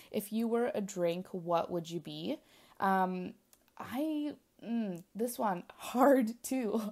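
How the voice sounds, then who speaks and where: A young woman chatting casually to camera as a vlogger. She rambles through her answers, leaning on fillers and small giggles, with a voice that sits at an ordinary middle pitch. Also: a little mellow. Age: young adult. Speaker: planner vlogger. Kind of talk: casual chat.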